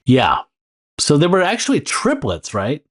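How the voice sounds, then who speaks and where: A man's voice: fairly high pitch, wildly swooping pitch, measured pace, slightly rough. Guy on a podcast going over a comic, loose and rambly, laughs a lot, lots of ums. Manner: rambling, laughs often, frequent fillers. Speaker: podcast co-host. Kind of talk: casual comic book discussion.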